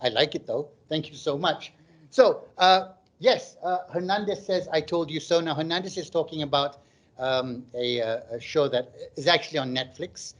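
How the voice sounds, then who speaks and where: Chatty middle-aged comedian, higher voice. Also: male voice, normal speed. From Malaysia. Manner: chatty, jokey, reads out viewers' comments. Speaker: stand-up comedian. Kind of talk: stand-up comedy on a live online stream.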